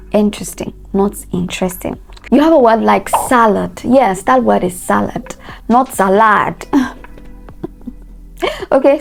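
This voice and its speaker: Slow, deliberate woman coaching pronunciation. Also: medium pitch, vocal fry, a little mellow. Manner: slow, deliberate, repeats words for drill. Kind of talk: pronunciation lesson.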